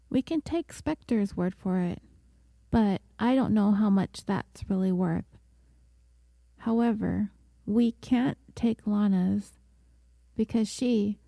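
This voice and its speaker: A woman podcast host reading a scripted true-crime story in a measured, deliberate way. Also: mid-range voice, creaky, mellow, dry recording.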